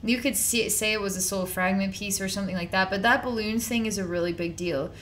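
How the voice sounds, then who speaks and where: A woman's voice: medium pitch, a little fast, fairly bright tone, slight background noise. A woman giving an unscripted psychic reading in a rambling, repetitive, conversational way with casual slang. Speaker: psychic reader.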